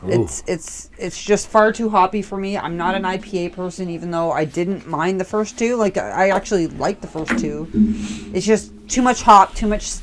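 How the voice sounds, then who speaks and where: A woman's voice: lowish voice, lively intonation, normal speed, background noise. A middle-aged woman co-hosting a casual beer-tasting podcast at home, chatty and plainspoken. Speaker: podcast co-host.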